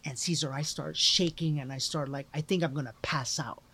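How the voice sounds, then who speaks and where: A man with a slightly higher-than-usual voice tells a personal story as a podcast guest. He talks earnestly and emphatically, circling back with "like" and "you know" as he goes. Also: steady tone, normal speed, sharp tone, slight background noise. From Latino background. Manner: earnest, emphatic, with many repeated fillers. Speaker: guest, life coach.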